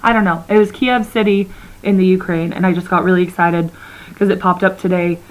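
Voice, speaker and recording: A young woman co-hosting a podcast in rambling casual chat, her voice slightly hoarse and froggy. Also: on the low side, fairly even intonation, a little fast, rough recording. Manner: rambling, chatty, laughs often. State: slightly hoarse, froggy from talking loudly at a bar. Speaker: podcast co-host.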